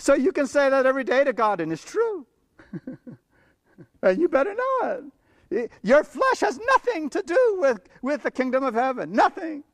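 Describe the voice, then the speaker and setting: A man's voice: very high voice, big pitch swings, normal speed, a bit bright, no echo. A man preaching a sermon, emphatic and blunt, often chuckling between his points as he reads and explains scripture. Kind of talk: sermon with Bible reading.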